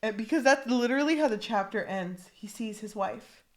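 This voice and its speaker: A woman's voice: a little high, expressive, normal speed. A woman co-hosting a podcast, swearing freely and acting out quotes in casual book chat. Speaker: podcast co-host.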